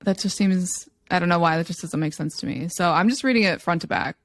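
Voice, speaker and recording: A woman co-hosting a casual talk, telling stories in an animated way and acting out what other people said. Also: on the low side, a little fast, no echo. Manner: animated storytelling, acts out quoted people in a raised voice. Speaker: podcast co-host. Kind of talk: casual chat.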